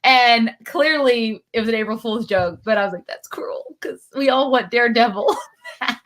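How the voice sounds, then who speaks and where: A woman co-hosting a casual review show, chatting easily and laughing often. Her voice sits somewhat high and has a bright, clear ring. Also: moderate pace. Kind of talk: casual chat on a livestream.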